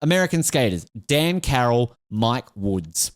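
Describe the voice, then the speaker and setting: A man's voice: medium pitch, big pitch swings, a little slow, dry recording, clean studio sound. A man hosting a casual sports podcast, rambling and jokey, laughing often. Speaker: podcast host.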